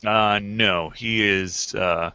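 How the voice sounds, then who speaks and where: Man running a tabletop game, bright and dry. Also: lowish voice, fairly even intonation, drawn-out words, clear, resonant tone, dry recording. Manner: casual, hesitant with fillers. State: talking with food in his mouth. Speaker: game master. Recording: dull lo-fi recording.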